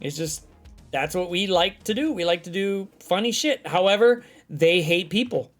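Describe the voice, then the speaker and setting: A man hosting a casual late-night chat, telling stories in an animated, profane way. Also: sits high, normal speed, soft background music. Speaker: host.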